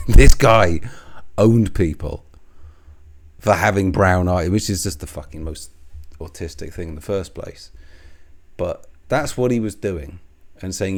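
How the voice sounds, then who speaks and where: A man's voice: deep voice, expressive, normal speed. A man rambling sarcastically in a monologue, swearing freely and chuckling between jabs. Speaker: commentary video host.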